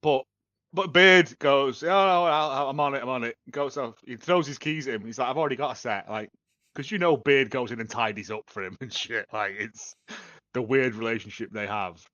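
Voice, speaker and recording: A bright, forceful man chats casually on a review podcast, laughing often and jumping up into excited bursts as he retells scenes. The sound is a little dull and lo-fi, and the room is dry. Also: mid-range voice, moderate pace, no echo. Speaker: podcast co-host.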